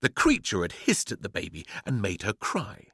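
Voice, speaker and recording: A man's voice: lowish voice, huge pitch swings, moderate pace, gravelly, pushed and bright, slightly rough, no echo, studio quality. A man reading a children's story aloud with playful, theatrical delivery. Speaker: narrator.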